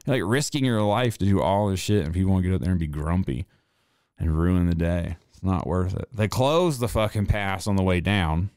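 A man's voice: low voice, fairly quick, smooth, dry recording, studio quality. A man in his thirties hosting a podcast, telling a story in casual, rambling talk full of swearing. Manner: profane, rambling, animated storyteller. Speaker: podcast host.

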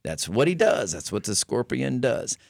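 A man's voice: mid-range voice, sing-song, normal speed, vocal fry, darkish tone, no room sound. A man, the senior preacher hosting a radio talk show, folksy and stumbling over repeated words, in a studio. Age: older than his co-hosts.

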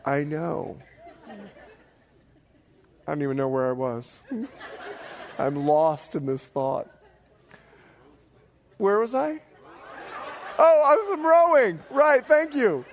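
A man in his forties, a pastor preaching a sermon to a congregation with animated storytelling, acting out the voices he quotes. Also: a little high, slow, long pauses, a faint crowd. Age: 40s. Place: church hall before a live congregation.

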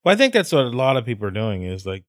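A middle-aged man co-hosting a podcast, talking casually with lots of cursing, laughter and animated storytelling. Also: mid-range voice, rapid-fire, no room sound, clean studio sound. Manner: profane, animated storyteller who laughs often. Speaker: podcast co-host.

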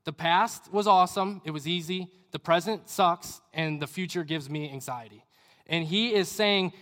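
A man's voice: on the high side, normal speed, a bit bright. Young guy preaching, casual and earnest, kinda rambly, big echoey church room. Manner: earnest, conversational, rambling asides. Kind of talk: sermon. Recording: reverberant hall.

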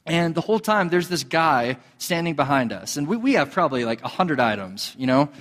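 A man with a fairly high voice preaches in a loose, conversational manner, telling stories with plenty of fillers and restarts. His voice rings out with a long reverb, as if in a large hall. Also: sing-song, brisk, a bit bright. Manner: conversational, storytelling with filler words and repetitions. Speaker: pastor. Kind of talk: sermon.

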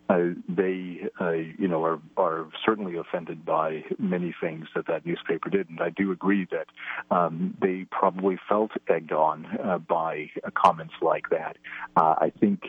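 A man's voice: deep voice, husky, no room sound. A man giving analysis as an interview guest, talking hesitantly with lots of fillers and restarts. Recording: tinny phone line.

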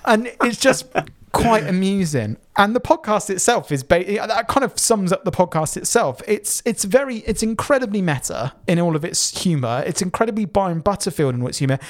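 A man's voice: sits high, expressive, moderate pace, few pauses. A man, co-hosting a podcast, chatting casually and rambling with fillers and restarts. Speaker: podcast co-host. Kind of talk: casual podcast review chat.

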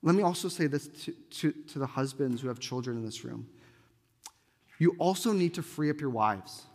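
A man's voice: medium pitch, expressive, moderate pace, a little mellow. A man preaching a sermon, reading scripture aloud and pleading earnestly with his listeners. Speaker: pastor. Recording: reverberant hall.

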